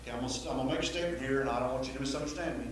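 A man's voice: mid-range voice, rapid-fire, slight background noise. A man preaching a sermon to a Baptist congregation, emphatic and repetitive, often asking the listeners questions. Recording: very echoey hall, faint ambience.

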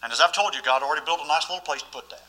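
A man's voice: on the high side, rapid-fire, sharp tone, poor audio. A man preaching a sermon as pastor, emphatic and often asking the listeners questions.

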